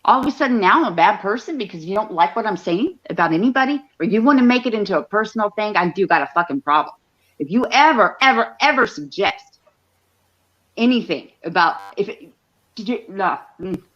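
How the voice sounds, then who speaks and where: A woman hosts a heated livestream, her voice pitched in the middle range. She fires off angry, profane bursts full of restarts. The stream audio sounds dull and lo-fi. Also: a bit bright. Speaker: livestream host.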